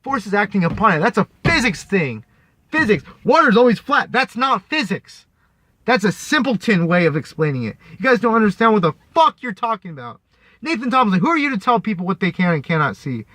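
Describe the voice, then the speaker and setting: With big pitch swings and a sharp tone, a high-voiced vlogger speaks a little fast in an angry, profane rant to camera, repeating himself and mocking the people he argues with. The recording has no room sound.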